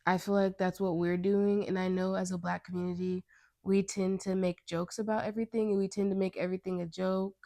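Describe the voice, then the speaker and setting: A young American woman talks alone into her podcast mic in a loose, earnest ramble and keeps stopping to rephrase herself. Her voice sits at an ordinary pitch with plenty of gravelly vocal fry. The sound is close and dry, with no room around it. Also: level tone, brisk, mellow, no room sound. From United States. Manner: rambling, self-interrupting, earnest. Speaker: podcast host. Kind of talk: casual podcast monologue.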